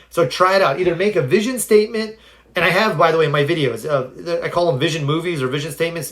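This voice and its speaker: Earnest man telling stories on a live stream. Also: a little high. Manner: earnest, animated storyteller; answers viewer comments directly. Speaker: motivational speaker on a live stream. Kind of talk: casual live-stream talk, storytelling and advice.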